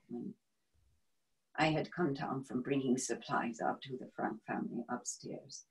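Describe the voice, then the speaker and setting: A woman performing a first-person dramatic monologue as a brave wartime helper, grave and measured, sometimes dropping to a hushed whisper. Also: rumbling low, low-quality recording. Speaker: stage performer.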